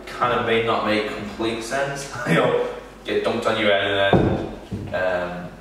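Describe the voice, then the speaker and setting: A man, a wrestler, answering interview questions in a halting, casual way with many restarts. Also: on the low side, fairly even intonation, a bit bright, slight background noise. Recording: echoey room from far off.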